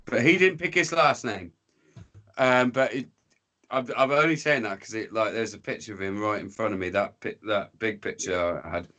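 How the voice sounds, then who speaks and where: A man's voice: lowish voice, normal speed, pushed and bright. An English man telling a rambling, sweary story in casual podcast chat, breaking into voices for the people in it. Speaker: podcast guest.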